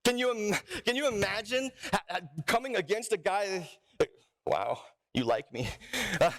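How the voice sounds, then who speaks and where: Playful, high-voiced pastor. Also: male voice, normal speed. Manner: playful, jokey, lots of restarts and asides; energetic crowd work with a live congregation. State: out of breath. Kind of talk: sermon. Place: church sanctuary.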